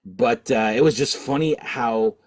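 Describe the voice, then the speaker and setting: A man's voice: medium pitch, unhurried. A middle-aged man from Canada, the host of a record-collecting channel, telling a rambling story with lots of fillers and restarts. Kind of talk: casual storytelling.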